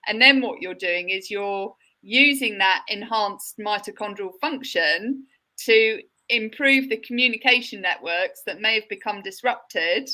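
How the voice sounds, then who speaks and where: Female host, sharp bright tone, clear recap for listeners. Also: mid-range voice, measured pace, low-quality recording. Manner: attentive, sums up for listeners. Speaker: podcast host. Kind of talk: podcast interview.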